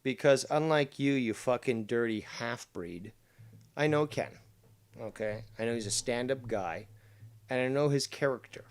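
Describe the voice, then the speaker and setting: A man's voice: mid-range voice, unhurried, slight background noise. A man hosting a casual livestream, reading the chat and talking in a mock-formal way, with some swearing. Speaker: livestream host.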